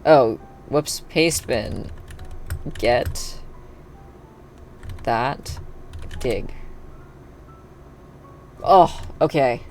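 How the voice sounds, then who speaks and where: Gravelly-voiced streamer thinking aloud. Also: mid-range voice, very slow, pauses often. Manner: thinks aloud, chatty, bursts into excited cheering. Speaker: live streamer. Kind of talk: casual live-stream chat while playing. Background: faint background music and keyboard typing.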